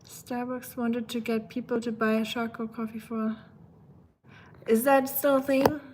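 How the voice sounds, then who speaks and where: A woman's voice: on the high side, level tone, unhurried, a little mellow, a little hiss or hum. A woman from Germany with a German accent, chatting casually with live-stream viewers in her home kitchen while she cooks. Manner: chatty and rambling, talks to viewers in the chat.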